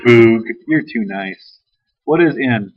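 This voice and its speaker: A male teacher walks a class through math problems in a casual, joking way. His voice sits at an ordinary middle pitch, and it was captured in a classroom on a dull, lo-fi recording. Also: slightly rough. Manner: casual, teasing banter with students.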